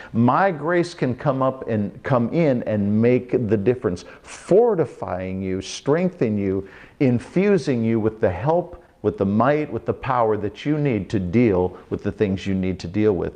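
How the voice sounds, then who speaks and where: A man preaching a short Bible teaching in a lively way, acting out the quotes with big jumps in pitch.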